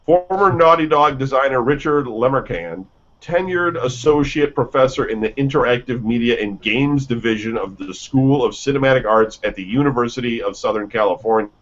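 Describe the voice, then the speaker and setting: A man's voice: medium pitch, fairly quick, hardly any pauses, fairly bright tone. A man hosting a casual gaming news radio show, reading lists and headlines with offhand asides and stumbles. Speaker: news host. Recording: dull lo-fi sound.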